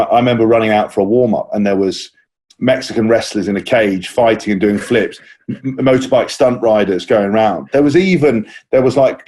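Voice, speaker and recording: A man's voice: on the low side, a little mellow. A man, a former rugby player, telling a long story in a casual podcast chat, rambling with restarts and acting out quotes. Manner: rambling anecdotes with many restarts and mimicked quotes.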